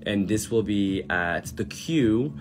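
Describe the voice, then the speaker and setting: A man's voice: lowish voice, slow. French-accented man chatting over music. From France. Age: 30s. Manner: chatty, lively, reads out and answers comments. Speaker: drag performer on a livestream. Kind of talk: casual livestream chat reading comments. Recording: music playing behind the voice.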